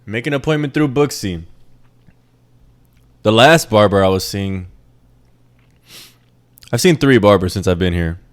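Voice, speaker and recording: Low-voiced young man ranting casually. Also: animated, measured pace, pauses often. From Puerto Rican family, raised in New York. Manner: rambling, profane, joking asides. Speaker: podcast host. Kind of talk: casual monologue.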